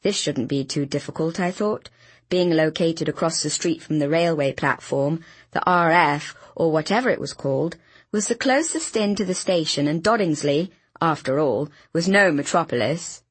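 A woman reading an audiobook in a brisk, wry storytelling manner, with a husky voice. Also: sits low, dry recording. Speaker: audiobook narrator. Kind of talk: scripted narration.

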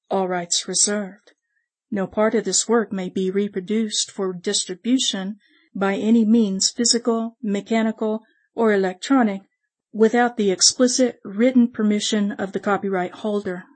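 A woman reading a western story aloud in the first person, with measured, steady storytelling. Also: medium pitch. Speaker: audiobook narrator. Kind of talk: scripted first-person narration.

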